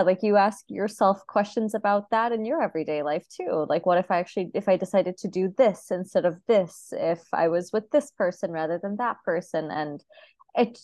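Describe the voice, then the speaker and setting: A woman with a mid-range voice co-hosts a relaxed film review podcast. She talks expressively and earnestly, gushing about what she liked. The recording is dry, with no room sound. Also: medium pitch, no room sound. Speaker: podcast co-host. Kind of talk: casual film review chat.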